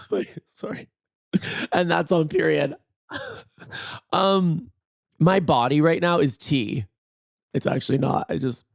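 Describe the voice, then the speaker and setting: Hoarse guy late 20s doing his podcast in bed, campy and jokey, dead dry sound. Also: on the high side, darkish tone, no room sound. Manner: playful, campy, self-mocking banter. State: hoarse, voice nearly gone. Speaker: podcast host. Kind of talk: casual solo podcast chat. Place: in bed at night.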